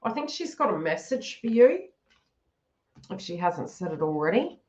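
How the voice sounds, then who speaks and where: A woman reads tarot on a live stream with a very animated, swooping voice. She chats and giggles, slipping into quoted inner thoughts of the people she reads for. The audio is a bit dull and lo-fi. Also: medium pitch, moderate pace, slight background noise. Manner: chatty, giggly, acts out the listener's inner thoughts. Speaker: tarot reader. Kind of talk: live-stream psychic reading.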